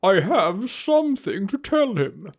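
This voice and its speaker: A woman's voice: medium pitch, sing-song, takes it slowly, pitched above the performer's own voice, exaggerated voice. A woman voicing a flamboyant, airy male pigeon nobleman in a visual novel game, reading a letter in a theatrical sing-song.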